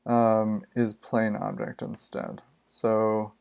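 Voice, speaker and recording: Male live-coding streamer, gravelly and unhurried, muttering and grumbling to himself. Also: fairly low pitch, monotone, a little mellow. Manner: exasperated, muttering to himself, swears freely. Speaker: streaming programmer. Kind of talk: live coding stream, casual thinking aloud.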